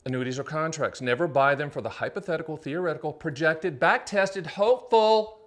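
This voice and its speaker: A man's voice: fairly high pitch, brisk. Punchy, upbeat man explaining to camera. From United States. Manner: punchy, salesy patter with rhetorical questions and asides. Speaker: annuity agent and show host. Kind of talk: energetic solo explainer to camera.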